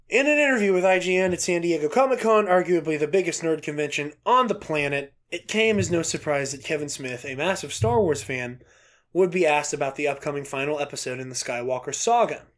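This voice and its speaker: A podcast co-host with a voice on the high side reads a news story aloud, casual and excitable, laughing often and swearing casually.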